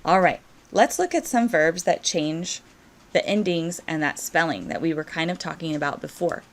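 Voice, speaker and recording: A woman Spanish teacher, encouraging and slow and clear as she walks through verb conjugations in a recorded lesson. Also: sits low, sing-song, slight background noise.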